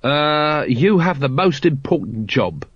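A man's voice: a little high, very animated, measured pace, breathy edge, dry recording, dull audio, voice pushed up, exaggerated voice. A man doing a weary watch captain. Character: weary middle-aged male city watch captain.

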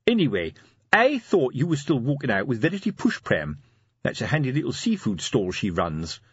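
A man's voice: mid-range voice, wildly swooping pitch, normal speed, slightly rough, no echo, dull audio. A man voicing a pompous, lecturing middle-aged police sergeant who talks in a fussy, hesitant way. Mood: wailing.

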